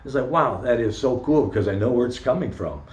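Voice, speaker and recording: An older man, a Zen priest, giving an informal personal sermon, telling a story candidly and haltingly with many pauses and fillers. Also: medium pitch, lively intonation. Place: temple meditation hall. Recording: roomy echo.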